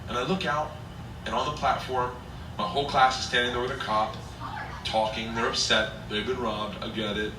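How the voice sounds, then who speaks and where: Excitable stand-up comic, echoey and distant. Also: male voice, mid-range voice, moderate pace. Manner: loud, excitable, laughs at his own story. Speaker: stand-up comedian. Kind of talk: stand-up storytelling. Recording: echoey distant playback with noise.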